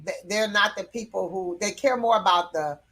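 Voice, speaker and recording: A woman's voice: medium pitch, moderate pace, fairly bright tone, breathy edge. Woman teaching in a chatty, laughing way. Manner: conversational, with frequent fillers and light laughs. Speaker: personality temperament teacher. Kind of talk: casual teaching talk.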